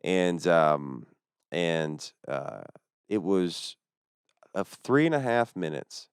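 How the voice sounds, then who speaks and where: Fast-talking profane comedian man. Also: low voice, sing-song, smooth, no echo, studio quality. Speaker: stand-up comedian guest. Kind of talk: casual comedic storytelling.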